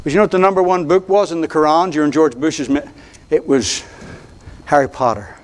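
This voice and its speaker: Older man, pastor preaching, high voice, folksy, fired-up, stumbles and repeats words. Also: fairly even intonation, brisk. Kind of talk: preaching a sermon. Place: church sanctuary at the pulpit.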